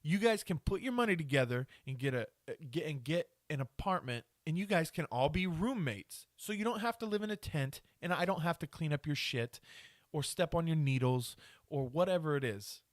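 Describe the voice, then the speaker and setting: A man's voice: a little high, lively intonation, normal speed, dry recording, studio quality. A man hosting a solo podcast, ranting crudely with lots of swearing and laughing at himself. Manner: self-mocking, laughs at himself. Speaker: podcast host.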